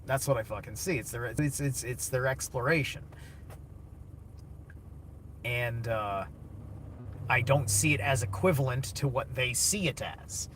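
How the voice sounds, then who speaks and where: A man's voice: medium pitch, unhurried, long pauses, fairly bright tone, slight background noise. A man streaming a blunt, casual, opinionated monologue, swearing heavily and answering chat.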